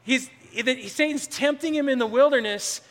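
High, bright-voiced pastor preaching in a hall. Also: male voice, normal speed. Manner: earnest storytelling, swinging between loud emphasis and hushed. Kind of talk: Easter sermon. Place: large church hall with live band. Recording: reverberant hall with faint band music.

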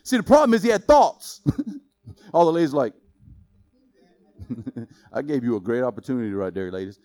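A man preaching a sermon in a lively, joking way, quizzing the congregation with questions. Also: mid-range voice, normal speed. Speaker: pastor.

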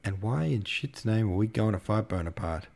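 A man's voice: lowish voice, expressive, normal speed, creaky, a little mellow. A man voicing a sardonic, witty dinner guest who mocks the war talk and slips into French. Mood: mocking. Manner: mocking, slipping into French.

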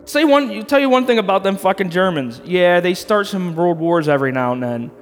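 A man's voice: high voice, lively intonation, brisk, slight background noise. Rambling, crude podcast guy with reverb. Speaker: podcast co-host. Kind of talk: casual beer review chat. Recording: long reverb.

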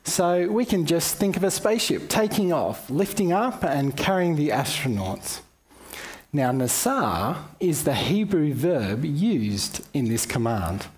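A man's voice: on the high side, sing-song, unhurried. A man with an Australian accent giving a conversational Bible teaching, with casual asides to his listeners. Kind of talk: sermon-style Bible talk.

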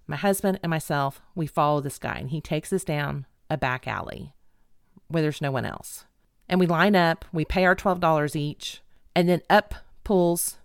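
A middle-aged woman telling a funny personal story in an animated, dramatic, self-mocking way. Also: fairly low pitch, gravelly, smooth, no echo, studio quality. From Texas.

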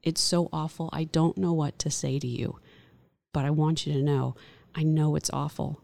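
Woman, chaplain, interview guest, low voice, earnest. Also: steady tone, moderate pace, creaky, a little mellow, no echo. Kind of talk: reflective interview talk.

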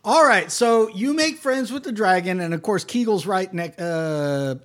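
A man's voice: sits high, lively intonation, measured pace, a bit bright. A man narrating as game master of a tabletop game, giving playful, rambling descriptions.

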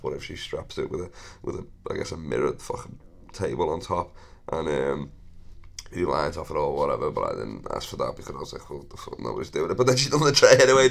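A man's voice: sits low, vocal fry. A thirty-year-old man, hosting a podcast and telling rambling, sweary stories with frequent laughs and self-corrections. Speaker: podcast host. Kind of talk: casual storytelling monologue.

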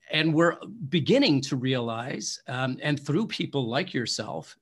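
A man's voice: mid-range voice, a bit bright. A male host in a podcast interview, talking reflectively and searching for words as he sets up questions.

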